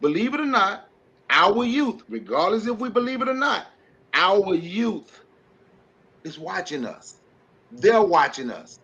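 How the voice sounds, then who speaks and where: Male panelist, passionate preachy delivery, slightly high pitch, dull stream sound. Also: big pitch swings, unhurried, a bit bright, slightly rough. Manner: impassioned, preachy, with rhetorical questions and laughs. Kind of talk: livestream podcast commentary.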